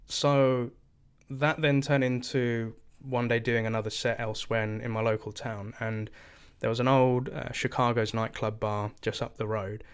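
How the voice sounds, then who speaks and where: A man's voice: mid-range voice, normal speed, clean tone. An English man in his thirties, a guest casually telling stories from his past and acting out the voices of the people in them. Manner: animated, acts out quoted voices. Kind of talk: casual storytelling interview.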